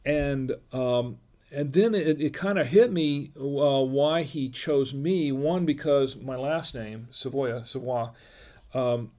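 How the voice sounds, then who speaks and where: A man's voice: medium pitch, slow, mellow. A middle-aged man hosting a wine livestream, chatting casually with many restarts and reading viewer comments aloud. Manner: rambling, many restarts and fillers; reads viewer chat aloud. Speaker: livestream wine show host.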